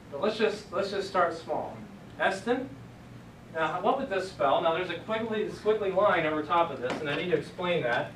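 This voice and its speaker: The Bible Greek teacher's voice sits high and a bit bright; he's animated but a little slow as he jokes, encourages and reasons aloud. A distant mic picks up the lecture in a noisy, echoey room.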